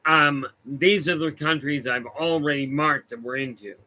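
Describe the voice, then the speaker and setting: Speaking to a room with a live audience and to people watching online, a man who works as a medium tells meandering stories, correcting himself along the way. The audio is poor, and his slightly high voice sounds pushed and bright at normal speed.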